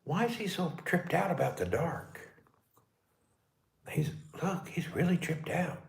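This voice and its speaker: A man live streaming casually from his dark house during a power cut, talking to viewers and calling out high and loud to his pet. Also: expressive, unhurried, creaky. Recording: echoey room.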